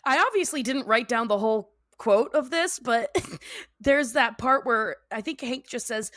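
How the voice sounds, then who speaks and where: A woman's voice: a little high, unhurried, fairly bright tone, no echo, clean studio sound. A young woman co-hosting a podcast, chatting casually and giggling as she recaps a cartoon episode and acts out its lines. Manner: giggly, acts out quotes in character voices. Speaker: podcast co-host.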